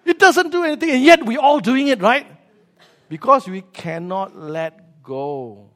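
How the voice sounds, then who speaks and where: A man's voice: very high voice, expressive, measured pace, fairly bright tone. A man preaching a sermon, joking with the congregation and acting out scenes with sound effects.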